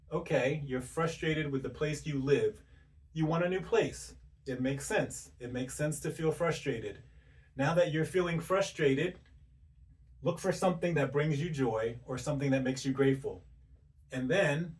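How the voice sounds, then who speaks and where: A man giving a motivational self-help talk, speaking directly to the listener in rapid strings of rhetorical questions. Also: on the high side, distant mic. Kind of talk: motivational monologue.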